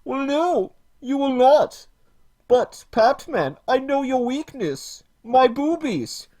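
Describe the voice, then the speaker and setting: A man's voice: very high-pitched, sing-song, takes it slowly, warm tone, pitched above the performer's own voice, heavily acted. A man voicing a smug, self-important woman video maker who speaks in grand, theatrical villain speeches. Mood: gloating.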